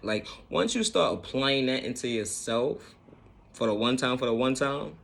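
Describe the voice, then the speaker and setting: A self-help vlogger speaks at normal speed in a mid-range voice that is fairly bright with vocal fry. His casual motivational monologue about self-healing is earnest, repeats its points, and includes occasional swearing.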